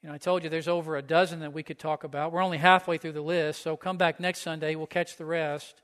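High-voiced male pastor preaching in a hall. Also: level tone, fast, fairly bright tone. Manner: conversational preaching, asks listeners questions. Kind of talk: sermon. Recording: echoey hall.

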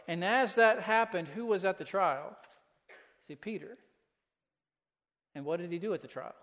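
A man's voice: sits high, moderate pace, a bit bright. A man preaching a sermon as pastor, earnest, asking the listeners pointed questions. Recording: long hall reverb.

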